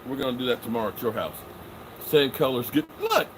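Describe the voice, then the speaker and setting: A man's voice: mid-range voice, fast, background noise. A middle-aged man hosting a sports live stream and joking his way through the chat in a loose, casual manner. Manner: joking, animated, swears and trails off often. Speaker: sports show host answering live chat.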